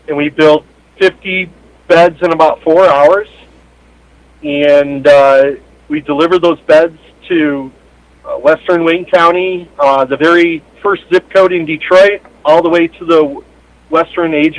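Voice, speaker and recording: A man calls in to a local show by phone. His voice sits a bit high and sounds dry and close. He speaks in a halting, matter-of-fact way. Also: dry recording, poor audio. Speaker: charity chapter leader, call-in guest. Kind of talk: casual phone interview. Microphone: phone call.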